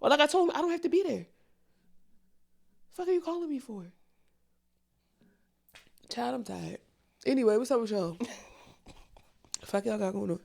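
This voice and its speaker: A woman's voice: a little high, expressive, normal speed, creaky, long pauses, a little mellow. Blunt, profane young woman podcaster. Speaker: podcast co-host. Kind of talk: candid casual chat.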